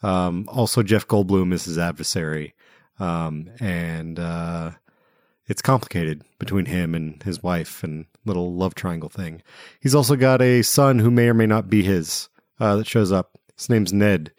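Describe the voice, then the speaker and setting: A man hosting a casual film discussion podcast, talking in a relaxed, hesitant way with many fillers. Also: low voice, a little slow, dry recording, clean studio sound. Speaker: podcast host.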